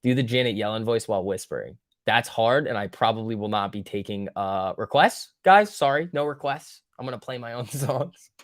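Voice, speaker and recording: A man's voice: mid-range voice, animated, normal speed, few pauses. Joking, foul-mouthed stock-stream host, a man. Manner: joking, profane, reacting to chat. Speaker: stock market livestream host. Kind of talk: casual livestream chat.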